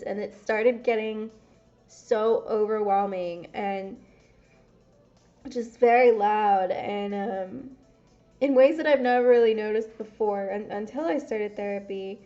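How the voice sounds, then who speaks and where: A woman's voice: mid-range voice, unhurried, mellow, faint music behind. A young woman, rambling and swearing through a casual confessional vlog while gaming. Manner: rambling, swears often, self-interrupting. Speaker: vlogger. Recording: dull lo-fi audio.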